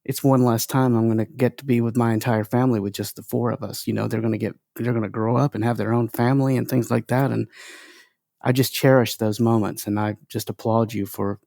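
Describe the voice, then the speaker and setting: A man's voice: mid-range voice, steady tone, fairly quick, vocal fry, no room sound. Host, 40s man, thoughtful affirming chat, dry close sound. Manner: warm affirming interjections, reflective. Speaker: podcast host. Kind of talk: casual interview chat.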